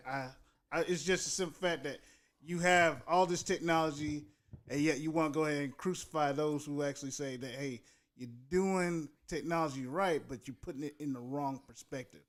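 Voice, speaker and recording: A man co-hosting a podcast in a loose, conversational way, his voice a little high for a man. He rants with passion, stacking phrases and circling back to repeat his points. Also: fairly even intonation, normal speed. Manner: impassioned, ranting, repeats "go ahead". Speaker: podcast co-host. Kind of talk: casual chat.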